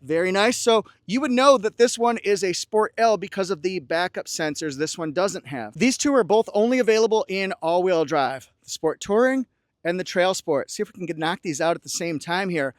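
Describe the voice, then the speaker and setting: A man's voice: high voice, animated, normal speed, no room sound, clean studio sound. A man doing an upbeat car walkaround review, pointing out features with playful asides and joking song quotes. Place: car dealership lot and car interior.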